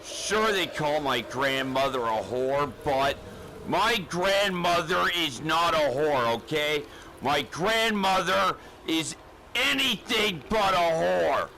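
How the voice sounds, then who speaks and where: A nervous, ordinary recruit, as a man voices him, stumbling over his words and pleading in a fairly high, bright voice. He sounds flustered and put-upon, drawing his words out slowly. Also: lively intonation, a little hiss or hum, full character voice, rough recording. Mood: whiny. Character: timid, whiny average male recruit. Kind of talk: comedic spoof acting.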